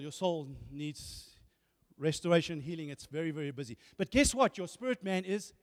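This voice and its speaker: A man preaching a sermon, animated, often repeating words and asking rhetorical questions. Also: on the high side, moderate pace, a little hiss or hum. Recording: hall reverb.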